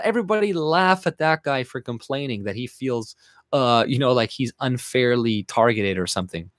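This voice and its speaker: A man's voice: medium pitch, lively intonation, moderate pace, no room sound, clean studio sound. A man from Canada, a YouTuber, ranting angrily and sarcastically as he reacts to an article he reads aloud, with lots of swearing. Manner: profane, sarcastic, mocking. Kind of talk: angry reaction rant reading out an article.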